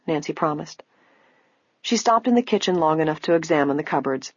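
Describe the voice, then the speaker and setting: Woman audiobook narrator, measured; husky, dry, dull lo-fi. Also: deep voice, expressive, no room sound. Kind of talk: scripted narration.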